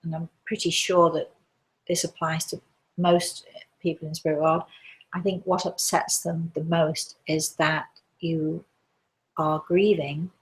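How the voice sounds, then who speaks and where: A deep-voiced woman hosts a live show as a medium, gently reassuring her listeners and calling them darling.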